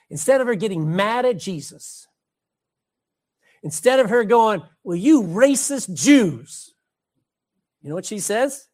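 A man's voice: high-pitched, lively intonation, measured pace, long pauses, a little mellow. A man preaching a sermon, reading scripture and calling out emphatically to his congregation.

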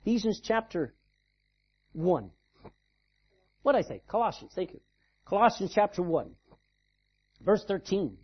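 A male pastor delivering an animated sermon, acting out little scenes and calling for amens. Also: sits high, unhurried, pauses often, slightly rough, dull audio. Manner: animated preaching with acted-out asides.

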